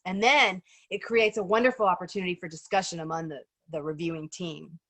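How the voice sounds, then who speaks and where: A woman's voice: on the low side, steady tone, fairly quick, hardly any pauses, a bit bright, no room sound. A woman facilitating a group discussion in a conversational way, full of ums and "right?" checks. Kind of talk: casual group discussion on a video call.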